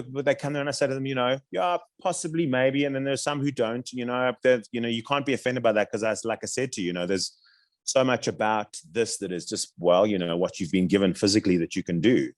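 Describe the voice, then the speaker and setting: A man's voice: mid-range voice, fast. A man with a South African accent, a voice-over artist and coach chatting in an interview, rambling with lots of restarts and fillers. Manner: rambling, chatty, many restarts and "you know what I mean". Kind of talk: casual interview chat.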